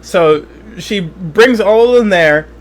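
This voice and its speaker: A man's voice: sits high, takes it slowly, a crowd in the background. A man co-hosting a comedy podcast, rambling and giggling in casual chat. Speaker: podcast co-host.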